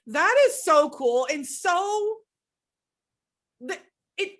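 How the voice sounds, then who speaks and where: A woman's voice: very high-pitched, expressive, drawn-out words, a bit bright. A woman hosting a podcast interview, talking in a heartfelt, effusive way and openly showing her emotions. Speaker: podcast host. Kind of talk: conversational interview.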